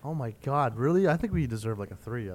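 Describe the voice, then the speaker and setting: A man's voice: mid-range voice, expressive, quick pace, crowd noise. A man co-hosting a casual podcast, bantering and ranting in a sarcastic, mock-bitter way. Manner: jokey, bantering. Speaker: podcast co-host. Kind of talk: casual chat.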